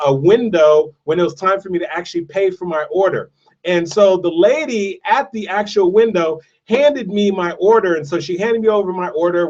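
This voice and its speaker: High-voiced motivational speaker, muffled and distant. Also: male voice. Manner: storytelling, repetitive and emphatic. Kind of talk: motivational monologue.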